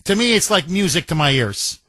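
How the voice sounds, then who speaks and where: A man's voice: a little high, very animated, fairly quick, pushed and bright, no echo. A man hosting a talk radio show, speaking emphatically and repeating himself for effect while taking calls. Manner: emphatic, repetitive, combative.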